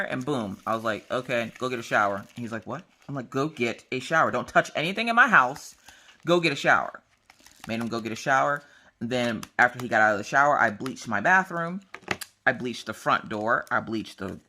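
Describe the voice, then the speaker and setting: A woman chatting casually to camera while crafting, telling a story and acting out the people in it. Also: a bass voice. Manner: animated storytelling, acts out dialogue. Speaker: vlogger.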